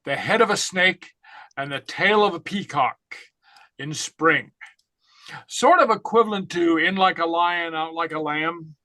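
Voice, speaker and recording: Slow, halting male language teacher. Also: on the high side, bright, forceful tone, no echo. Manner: halting, many fillers and okays. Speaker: Gaelic teacher. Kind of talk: online class lesson.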